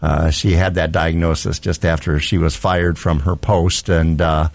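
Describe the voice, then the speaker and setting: A man hosts a call-in radio show in an easygoing way, answering callers with short, quick acknowledgements. His voice is very low. He speaks close to a studio mic with a dry sound. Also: level tone, creaky, no room sound. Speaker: radio talk show host.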